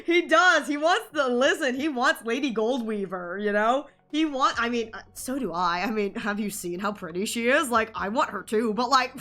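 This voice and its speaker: A woman live-streaming, chatting casually and rambling excitedly over her game pulls, while sick. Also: a little high, normal speed, few pauses, soft background music.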